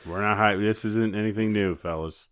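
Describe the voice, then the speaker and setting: A man co-hosting a podcast, telling a story in a casual, animated way with lots of laughter. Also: on the low side, moderate pace, clear, resonant tone. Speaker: podcast co-host.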